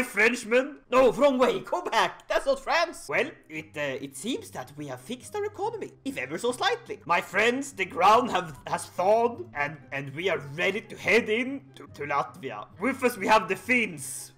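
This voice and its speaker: A man giving comedic, excitable commentary over a strategy war game, yelling at his troops and joking. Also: high voice, slightly rough. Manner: excitable, shouting at units, mock accents. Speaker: gaming YouTuber.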